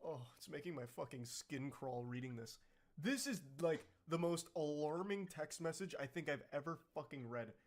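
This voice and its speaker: A man's voice: on the high side, lively intonation, moderate pace. A young man giving blunt, profane reaction commentary in a disgusted tone.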